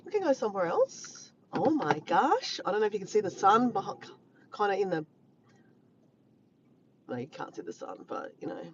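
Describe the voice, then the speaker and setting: A woman, chatting excitedly to viewers on a phone live stream at the beach. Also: medium pitch, moderate pace, pauses often, muffled recording, slight background noise. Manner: chatty, excitable, repeats herself. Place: outdoors, driving to and walking at a beach. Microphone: phone held in hand.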